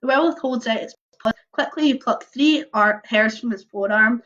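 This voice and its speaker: A young woman reading a choose-your-own-adventure book aloud on a livestream, mixing lively narration with casual chatty asides. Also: on the high side, normal speed. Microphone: computer or phone mic on a video stream. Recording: dull lo-fi livestream audio.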